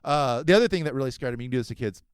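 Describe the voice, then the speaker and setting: Male podcast host, middle-aged, quick profane storyteller who acts out both sides of a quarrel; lively pitch. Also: smooth, no echo, studio quality. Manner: animated, swearing, acts out both sides of a quarrel, bursts into shouts.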